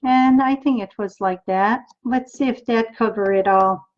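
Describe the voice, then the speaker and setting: French canadian lady doing a card making livestream, high voice, kinda muffled lo-fi sound. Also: a little slow, a little hiss or hum. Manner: chatty, talks to viewers while working, thinks aloud. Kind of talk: live-streamed crafting demo.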